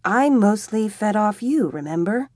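A woman's voice: medium pitch, expressive, unhurried, a little mellow, no echo, clean studio sound. A woman voicing a young female vampire who is wry, teasing and dryly amused in an audiobook.

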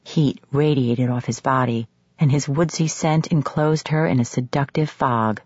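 A woman reads a romance novel in a measured, sultry way, her voice low and husky. The sound is close and dry, with no room around it. The top end is a little dull. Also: darkish tone, dry recording. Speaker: audiobook narrator. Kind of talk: scripted romance narration. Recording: slightly muffled studio audio.

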